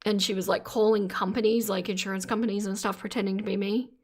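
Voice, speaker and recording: A woman's voice: mid-range voice, flat delivery, fast talker. A woman live streaming from her phone, commenting casually and exclaiming in sympathy as she reads her chat aloud. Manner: earnest, exclaims in sympathy while reading chat. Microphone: phone camera.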